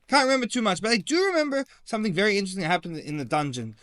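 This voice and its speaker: Picture a weary freed prisoner recounting his ordeal in a plain, earnest way, with a high voice, as a male teacher puts him on. The sound is dry and close, with little room around it. The delivery stays near an everyday speaking voice. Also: animated, very fast, a bit bright, no echo.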